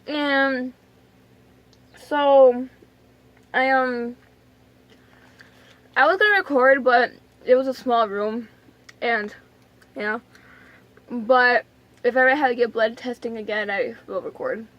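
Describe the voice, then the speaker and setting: A young woman vlogger with a high voice tells the camera a story in a loose, rambling manner, stumbling over fillers and restarting. She speaks slowly with frequent pauses, often dropping to a soft, emotional near-whisper. The recording has no echo and its highs are cut off.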